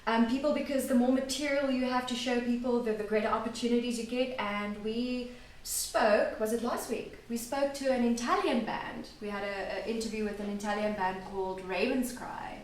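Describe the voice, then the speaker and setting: A talkative, giggly woman with a slightly high voice chats as a band guest. She sounds set back from the microphone in a very echoey room. A faint hiss of background noise sits underneath. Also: moderate pace, few pauses. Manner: chatty, giggly storyteller. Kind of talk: casual interview chat. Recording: roomy distant mic, faint noise.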